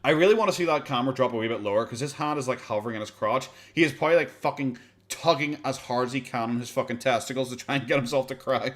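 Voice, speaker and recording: A man's voice: medium pitch, fast talker. A man with an Irish accent giving casual, sarcastic reaction commentary on a video, swearing often and laughing between remarks.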